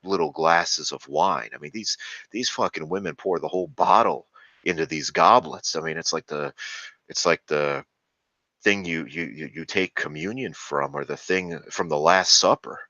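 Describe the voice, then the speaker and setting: Brief: very deep but bright-toned man ranting profanely in a casual monologue, dull lo-fi sound. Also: moderate pace, creaky, no echo. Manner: profane, ranting, with frequent fillers. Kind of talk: rambling casual commentary.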